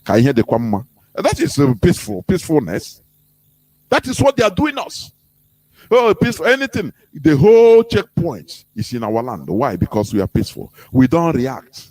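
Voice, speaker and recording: Give me a fairly high-voiced Nigerian man preaching politics on the radio, asking the listener rhetorical questions. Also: wildly swooping pitch, moderate pace, darkish tone. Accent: Nigerian English. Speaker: radio host. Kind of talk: impassioned political radio talk.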